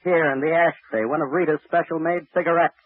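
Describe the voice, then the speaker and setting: An actor playing an unhinged jealous husband who taunts and laughs eerily, in 1940s radio acting on an old broadcast. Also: male voice, on the high side, steady tone, brisk, no room sound, narrow, tinny audio, natural voice. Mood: taunting.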